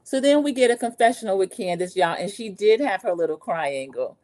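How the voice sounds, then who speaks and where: A woman's voice: mid-range voice, a little fast. A woman, chatting through a TV episode recap in a sassy, gossipy way. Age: 40s. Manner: chatty, sassy, quotes cast members in lively put-on voices. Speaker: recap show host. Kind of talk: casual TV recap commentary.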